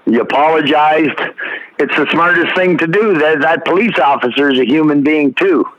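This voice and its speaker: A man's voice: fairly high pitch, moderate pace, lo-fi sound. A man from Ontario co-hosting a casual talk, giving earnest, folksy advice with frequent restarts. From Ontario, Canada. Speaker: podcast co-host.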